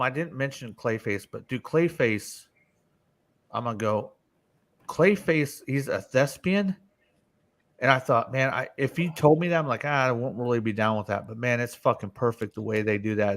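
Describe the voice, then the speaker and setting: A man at a home computer mic runs a casual live-stream panel. His voice sits at an ordinary middle pitch, and he talks loosely, swearing freely and passing the turn from one panelist to the next. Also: moderate pace, a bit bright.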